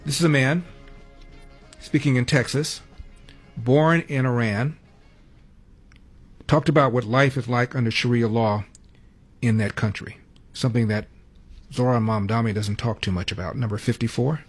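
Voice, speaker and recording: Husky male anchor over faint music. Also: medium pitch, steady tone, normal speed. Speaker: news anchor. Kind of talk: news introduction.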